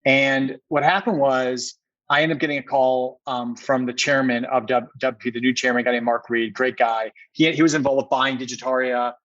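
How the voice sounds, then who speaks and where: A man sits as a podcast guest and tells a long personal story in an earnest way, repeating words for emphasis. His voice sits at an ordinary middle pitch. The audio is dry and slightly dull and muffled. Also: little pitch movement, moderate pace, fairly bright tone, no echo. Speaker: podcast guest, company co-founder.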